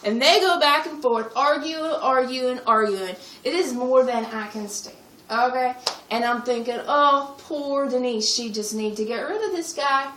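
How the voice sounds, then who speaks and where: A woman's voice: high-pitched, unhurried, fairly bright tone, a little hiss or hum. A woman performing a sassy churchgoing young woman in a live comedy skit, telling her story with exaggerated street slang. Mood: indignant. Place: retreat meeting room. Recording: echoey room, mic from a distance.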